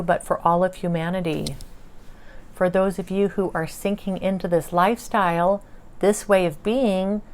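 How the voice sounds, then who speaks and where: Soft-spoken woman recounting a channeling. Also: on the low side. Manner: soft and slow when quoting her guides, bursts of excitement. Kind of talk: casual spoken recounting with quoted dialogue.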